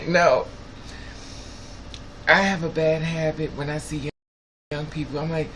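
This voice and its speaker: A man's voice: on the high side, steady tone, unhurried, long pauses, a bit bright. A man hosting a live stream in casual, blunt and profane chat, laughing often. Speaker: livestream host. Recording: clear background noise with passing traffic.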